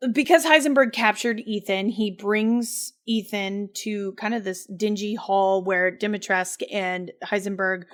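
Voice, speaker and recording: A woman co-hosting a podcast, loosely recapping a story in casual chat, giggling often and leaning on fillers. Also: medium pitch. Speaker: podcast co-host.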